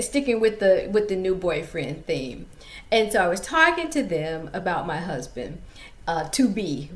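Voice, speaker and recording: A woman's voice: lowish voice, roomy sound. Chatty woman telling stories to viewers. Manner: chatty, addresses viewers directly. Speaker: author and storyteller. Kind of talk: casual story-time vlog.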